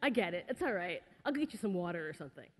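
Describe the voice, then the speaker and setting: A woman giving a lively, conversational motivational talk to young people, with frequent asides to the audience. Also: on the low side, fast talker. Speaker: speaker. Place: auditorium stage. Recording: echoey hall.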